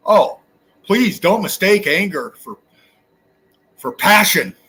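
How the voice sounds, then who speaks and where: A man's voice: sits high, lively intonation, unhurried, pauses often, pushed and bright, slightly rough. A man hosting his own channel, delivering an angry, profane, preachy rant straight at his viewers. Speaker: channel host. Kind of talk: angry ranting monologue.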